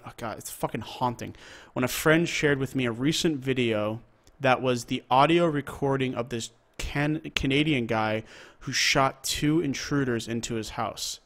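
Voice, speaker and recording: Animated man telling a story on a podcast. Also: mid-range voice. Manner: animated storytelling, swears freely. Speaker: podcast co-host. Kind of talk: casual chat.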